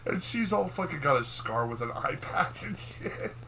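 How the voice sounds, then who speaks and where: A man's voice: fairly high pitch, animated, normal speed, noisy background. A man co-hosting a podcast, rambling through a profane, filler-heavy recap in casual chat. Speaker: podcast co-host.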